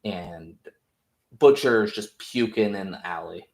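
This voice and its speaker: A man's voice: fairly low pitch, animated, slow pace. A man casually recapping a TV episode, rambling, jokey and profane. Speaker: podcast host. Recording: roomy echo.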